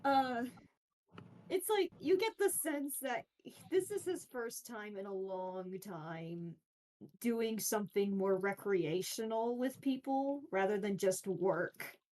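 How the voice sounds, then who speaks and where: A woman playing a tabletop game, describing her character in a halting way with fillers. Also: medium pitch, lively intonation, darkish tone. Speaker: player.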